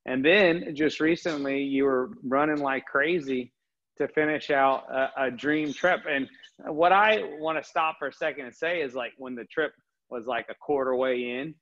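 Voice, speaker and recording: A man's voice: mid-range voice, moderate pace, a bit bright. A man hosting a casual interview, upbeat and encouraging, asking long rambling questions. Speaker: host. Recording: slightly dull lo-fi audio.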